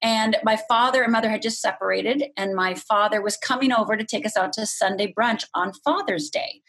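A middle-aged woman from Upper Michigan, telling a painful personal story as a podcast guest in a candid, unhurried way. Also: mid-range voice, a bit bright. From Upper Michigan, USA.

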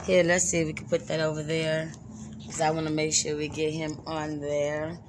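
A woman's voice: low-pitched, completely flat delivery, normal speed, background noise. A woman hosting a live music podcast in loose, chatty talk, laughing easily. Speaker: radio podcast host. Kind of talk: casual live show chat.

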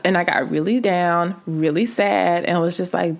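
A woman's voice: on the low side, steady tone, normal speed, vocal fry, hardly any pauses. A young woman hosting a faith podcast, talking casually and candidly to her listeners, calling them sis and y'all. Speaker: podcast host.

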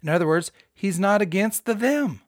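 A man hosting a podcast, giving a casual, animated Bible study with emphatic, self-deprecating asides. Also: sits high, normal speed, no echo, clean studio sound. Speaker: podcast host.

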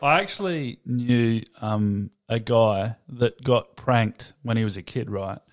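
A man's voice: medium pitch, slow pace. A man co-hosting a podcast in casual chat, often laughing and trailing off mid-sentence. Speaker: podcast co-host.

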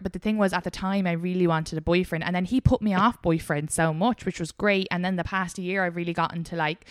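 Frank woman with a smooth, low voice. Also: a little fast, hardly any pauses, no echo, clean studio sound. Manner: frank, animated storytelling, laughs often. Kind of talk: candid casual chat.

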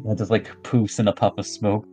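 A man's voice: on the low side, flat delivery, a little fast, warm tone, faint music behind. A man playing a tabletop game, speaking hesitantly with fillers. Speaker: player.

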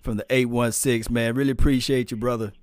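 A man hosts a casual sports call-in podcast in a relaxed, easygoing way. He laughs often and gets loud and animated whenever he jokes around. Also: mid-range voice, fairly quick, dry recording. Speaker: podcast host.

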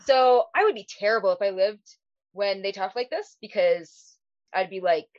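A woman's voice: mid-range voice, moderate pace, dry recording, lo-fi sound. A woman co-hosting a podcast in casual chat, swearing freely and laughing often. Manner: swears a lot, laughs often, breaks into silly voices. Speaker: podcast co-host.

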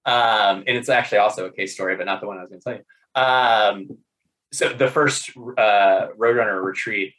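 A man in casual conversation, telling funny work stories in an animated way, laughing often, with many fillers and restarts. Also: lowish voice, moderate pace, rough recording. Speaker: podcast guest. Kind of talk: casual storytelling.

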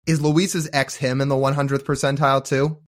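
A man's voice: medium pitch, flat delivery, a little fast. A man co-hosting a sports podcast, talking in a casual, sarcastic and jokey way. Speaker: podcast co-host.

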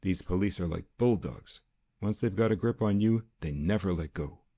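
Man doing a cool quiet vigilante, deep dark voice, slow and sure. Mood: stern. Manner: quiet, measured, confident. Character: calm, stern male vigilante, quietly menacing.

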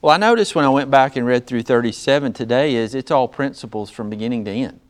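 A man preaching a sermon in a smooth, resonant voice. He teaches in a plain way and slows down to stress each line of scripture he reads aloud. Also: mid-range voice. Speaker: pastor.

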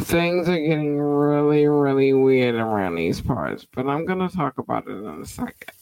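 A woman hosting her own podcast, talking casually in slang and giving affectionate shout-outs to her listeners. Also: sits low, expressive, normal speed, clean tone, no echo, rough recording. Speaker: podcast host. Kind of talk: casual solo podcast chat.

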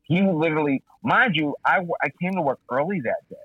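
A man's voice: a little high, fairly quick, husky, no echo, highs cut off. A man in casual podcast chat, animatedly telling a profane story and acting out other people's lines. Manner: animated, profane, acts out quoted voices.

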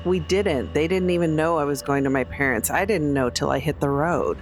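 Player in character, defiant, arguing back, ordinary pitch. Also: fairly quick, soft background music. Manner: defiant, argumentative. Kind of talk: in-character tabletop role-play.

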